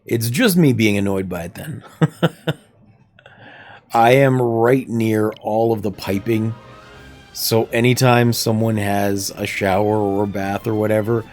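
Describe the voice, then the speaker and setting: A man's voice: lowish voice, steady tone, unhurried, darkish tone, faint music behind. A man casually chatting and rambling as he streams a video game from a room at home, laughing often. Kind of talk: casual livestream chat. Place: home room near plumbing. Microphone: desk microphone.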